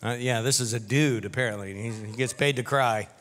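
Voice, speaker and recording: Bright-voiced preaching man, echoing hall. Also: medium pitch, fairly quick. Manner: conversational preaching with humorous asides. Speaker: pastor. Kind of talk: sermon.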